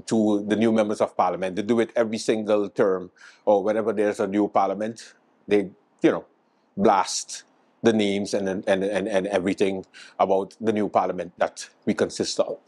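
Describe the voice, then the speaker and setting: Joking late-night host. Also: male voice, fairly low pitch, a little mellow. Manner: loose, joking, rambling delivery. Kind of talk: comedic news monologue.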